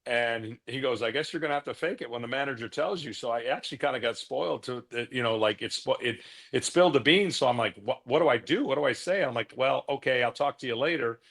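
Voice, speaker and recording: A middle-aged man, a former pitcher, telling stories from his career in a casual interview, now and then acting out the voices of the people in them. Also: fast, gravelly, few pauses. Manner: relaxed, anecdotal, acts out quoted voices.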